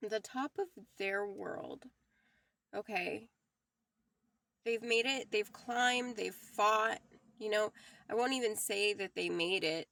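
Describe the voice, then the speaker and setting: Casting note: young woman, gravelly edge, dry close sound, loose emotional reading style. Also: mid-range voice, a bit bright, dry recording. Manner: rambling, emotional, laughs often. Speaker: tarot reader. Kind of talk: casual spiritual reading to viewers.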